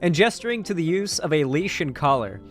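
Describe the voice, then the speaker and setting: A man's voice: fairly high pitch, very animated, fairly quick, soft background music. A man reading news articles aloud and breaking off into sarcastic, profane asides as a commentary host. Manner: sarcastic, swears freely, trails off mid-sentence. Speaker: political commentary YouTuber.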